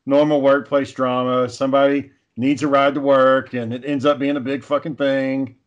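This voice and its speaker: Young man, casual chat, swears a lot, rambling storyteller, mid-pitched. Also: little pitch movement, moderate pace, dull audio. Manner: rambling storytelling, heavy swearing, acts out quotes.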